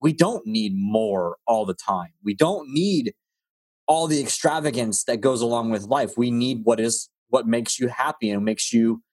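A man's voice: medium pitch, measured pace, darkish tone. A man hosting a podcast interview, chatting casually and rambling with frequent restarts. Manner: rambling, stammers and restarts, friendly. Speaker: podcast host.

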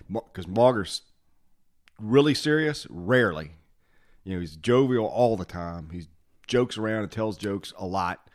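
A man hosting a podcast, a former fire officer telling old station stories in a lively way, acting out the quotes and laughing often. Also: fairly low pitch, a little slow. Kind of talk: casual storytelling chat.

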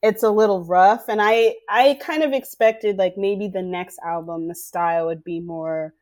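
A woman's voice: mid-range voice, moderate pace, a little mellow. A woman in casual chat, speaking in loose, rambling phrases with constant fillers.

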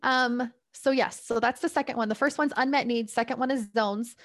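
A woman's voice: a little high, fairly even intonation, normal speed, dry recording, clean studio sound. A woman parenting coach explaining her tips in an upbeat, chatty way as an interview guest, laughing between points. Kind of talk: guest giving advice in a podcast interview.

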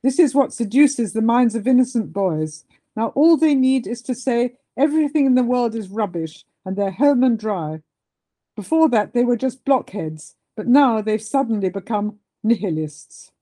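A woman's voice: fairly high pitch, expressive, moderate pace, warm tone. A woman voicing a pompous, old-fashioned older male aristocrat in a dramatic reading of a novel, with a haughty, indignant manner.

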